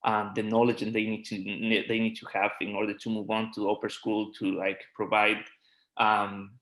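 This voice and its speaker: Halting, supportive man teacher with a lowish voice. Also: level tone, poor audio. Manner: warm, supportive, halting, restarts words. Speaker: PE and health teacher. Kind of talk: presentation on a video call.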